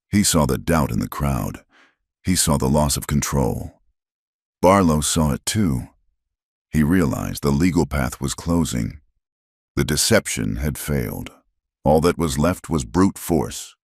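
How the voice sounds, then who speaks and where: A man's voice: rumbling low, expressive, takes it slowly, creaky, husky, no echo, studio quality. A man giving dramatic scripted narration of a story.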